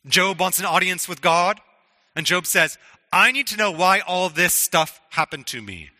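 A man's voice: sits high, animated, unhurried, bright, forceful tone, big-room sound. A man preaching a sermon in an earnest, conversational way, often restarting his words. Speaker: pastor.

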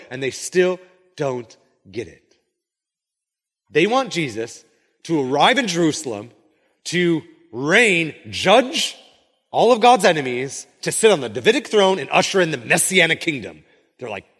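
A man's voice: fairly high pitch, sing-song, unhurried, long pauses, a bit bright. A man preaching a conversational sermon, full of casual asides and rhetorical questions. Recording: long hall reverb.

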